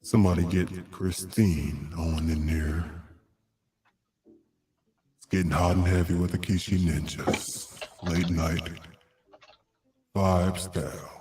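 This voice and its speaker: A man doing a put-on deep, sultry late-night announcer voice for a mock hype announcement on a stream. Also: fairly even intonation, warm tone. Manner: slow, smooth, theatrical hype delivery.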